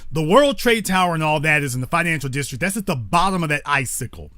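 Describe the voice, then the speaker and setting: A man's voice: on the high side, sing-song, fast, sharp tone, no room sound, studio quality. A man hosting a call-in talk show, speaking bluntly with profanity and stopping to correct himself.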